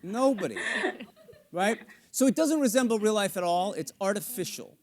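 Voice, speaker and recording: A man's voice: high-pitched, expressive, moderate pace, a little mellow. A middle-aged man coaching a singer in a live masterclass on a theater stage. He acts out lyrics and a character's inner thoughts, playful and sometimes swearing. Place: theater stage with studio audience.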